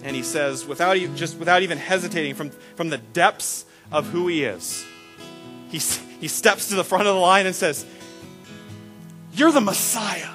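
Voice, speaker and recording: Male pastor, sermon, higher voice, animated, quiet guitar underneath. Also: moderate pace. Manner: animated storytelling, acts out quoted voices; repeats words and restarts when excited.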